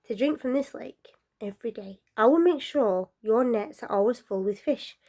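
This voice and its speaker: A woman voicing a magical water-horse spirit in a told story, in a soft, quiet delivery. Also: fairly high pitch, expressive, moderate pace. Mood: luring.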